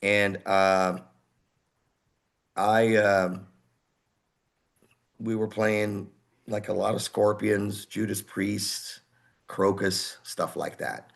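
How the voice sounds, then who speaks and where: A man in his sixties from Houston, a heavy metal singer telling stories as an interview guest in an animated way, acting out other people's voices. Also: on the low side, extremely slow, gravelly, long pauses. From Houston, Texas. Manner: animated, acts out quoted voices. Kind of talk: casual interview storytelling.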